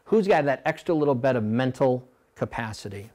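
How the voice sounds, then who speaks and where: Coaching coxswains at a clinic, this middle-aged man speaks briskly, with a blunt, animated style. He occasionally imitates rowers by switching to a high voice.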